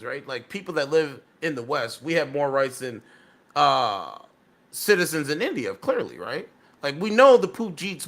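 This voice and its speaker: Guy ranting over a clip, high bright voice, swings up and down a lot, keeps saying right. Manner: rambling, keeps asking "right?". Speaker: commentator. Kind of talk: rambling video commentary.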